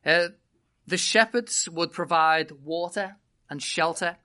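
A preacher with a British accent, opening a sermon with a humorous, animated personal story before teaching the congregation. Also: mid-range voice, takes it slowly. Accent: British English. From Britain.

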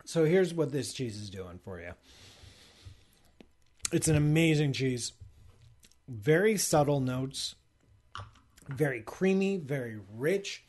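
A man's voice: mid-range voice, lively intonation, takes it slowly, long pauses, darkish tone. A man hosting a live stream in casual chat, talking enthusiastically with lots of restarts and asides. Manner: rambling, enthusiastic, self-interrupting with likes and restarts. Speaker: livestream host. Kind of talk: casual chat with sponsor read and cheese tasting.

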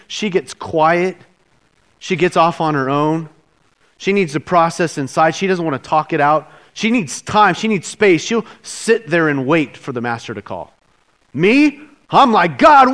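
High-voiced emotive male preacher. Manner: emotive, conversational preaching with big swings from loud to hushed. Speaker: pastor. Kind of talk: sermon.

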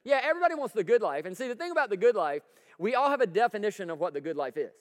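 A high-voiced man preaches from a church sanctuary. He talks in a folksy, energetic way and keeps asking the congregation whether they agree. His voice carries a long hall reverb. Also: very fast. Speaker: pastor. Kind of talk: sermon.

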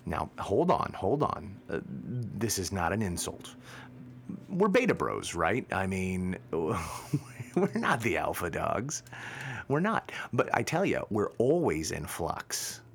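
A man's voice: low voice, sing-song, takes it slowly, creaky, slight background noise. A man hosting a podcast, talking alone in a casual, joking, self-mocking way. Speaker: podcast host. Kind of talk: casual monologue.

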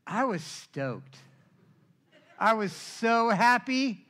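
A middle-aged man preaches from the pulpit with a high, bright voice. He tells his own story with animated energy, acting out the voices of others and checking in with "right?" as he goes. His tone is forceful and vivid throughout. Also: moderate pace. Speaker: pastor. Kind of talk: sermon with personal testimony.

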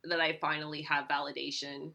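A woman's voice: low-pitched, level tone, a little fast, gravelly, sharp tone. A woman co-hosting a casual recap chat, talking loosely with lots of "like" and the odd swear. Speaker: podcast co-host.

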